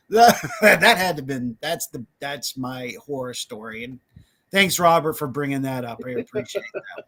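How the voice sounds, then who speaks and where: A man's voice: medium pitch, moderate pace. A man telling a story on a podcast, casually and with animation, acting out what others said and laughing often. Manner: animated, acts out quoted voices, laughs often. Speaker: podcast guest.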